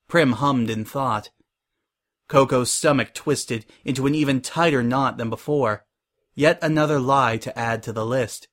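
Guy reading a pony fanfic out loud, mid-pitch, steady and even. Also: a little slow. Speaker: narrator. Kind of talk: storybook fan fiction reading.

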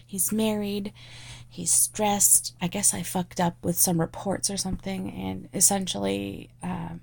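A woman creator chats casually with her audience, hesitant and full of fillers. Her voice is husky and gravelly, at a middle pitch, and she talks slowly. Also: little pitch movement, a little mellow. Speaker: audio creator. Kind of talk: casual chat.

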